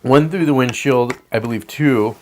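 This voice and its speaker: A man's voice: medium pitch, moderate pace, slight background noise. Profane, emphatic man ranting. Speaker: podcast host. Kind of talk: political commentary monologue.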